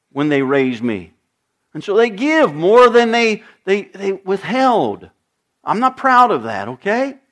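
A middle-aged male pastor preaching, his voice pitched high and swinging widely up and down. He tells stories and puts on little voices for the people in them. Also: a bit bright. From United States. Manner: storytelling, acts out dialogue with shifting voices. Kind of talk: sermon.

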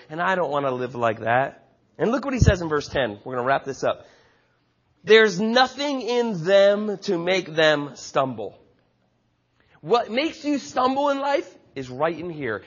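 A man's voice: sits high, fairly bright tone, muffled recording. A man preaching a sermon with passionate, emphatic delivery and frequent repetition. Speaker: pastor.

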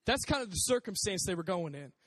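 A man preaching a casual sermon in a conversational, animated way, acting out voices as he talks. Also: sits high, fast talker, big-room sound.

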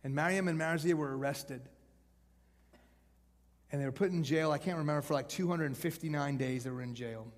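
Male evangelist, sermon delivery, conversational with hushed-to-loud swings, slightly high voice, echoing hall. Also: a little fast, pauses often. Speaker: evangelist preacher. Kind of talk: sermon to college students. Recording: long hall reverb.

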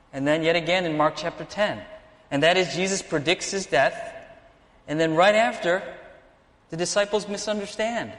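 Male pastor, slightly high voice, animated preacher who acts out scenes, reverberant hall sound. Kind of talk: sermon.

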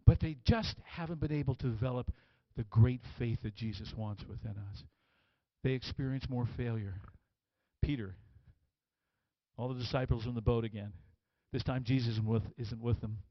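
A man preaching a sermon, moving from quiet, hushed storytelling to loud, emphatic lines, and acting out the quoted voices with dramatic emphasis. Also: mid-range voice, normal speed, dry recording, muffled recording. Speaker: pastor.

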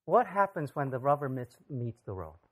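A preacher delivering a sermon with a lively, rising-and-falling voice. The talk is conversational, with frequent direct questions thrown out to the audience. The pitch sits in a middle register. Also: normal speed. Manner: conversational, acts out scripture voices.

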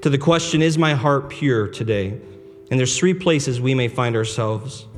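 A pastor preaching a sermon in a casual, conversational way, full of restarts and rhetorical questions. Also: male voice, medium pitch, expressive, a little slow. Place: church sanctuary. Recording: long hall reverb with soft guitar behind. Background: soft guitar music.

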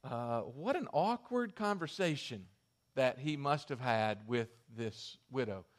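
A male pastor preaching a sermon in an animated, conversational way. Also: mid-range voice, measured pace.

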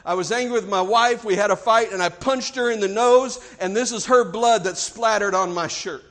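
A man with a Southern US accent voicing a huge, rough biker who is shaken and tearful, telling his story urgently. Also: high voice, normal speed, fairly bright tone. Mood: pleading.

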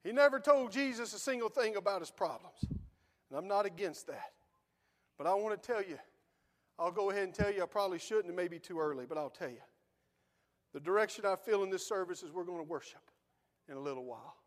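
A man's voice: high voice, lively intonation, a little fast. A man preaching a sermon in a church, fervent and folksy. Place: church sanctuary.

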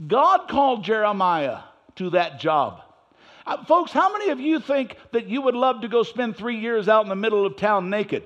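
A man preaching a sermon in church, swinging between loud emphasis and quiet asides. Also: sits high, expressive, normal speed, lo-fi sound. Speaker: pastor.

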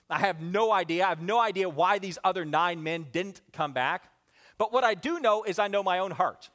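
Man, pastor, sermon, very animated pitch, loud to hushed, calls for responses.

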